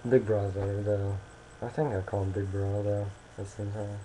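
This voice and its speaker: Young man, slow rambling webcam talker, low dark voice, jokes and corrects himself. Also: level tone, a little hiss or hum, low-quality recording. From Maryland, United States. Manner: rambling, self-correcting, joking. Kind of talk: casual webcam monologue.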